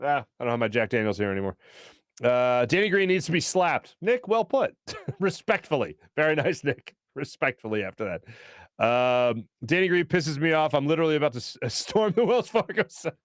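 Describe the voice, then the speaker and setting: A man's voice: on the high side, sing-song, fairly quick, no echo. A man hosting a casual sports talk show from a studio, joking, laughing often and reading out viewer comments with fired-up opinions.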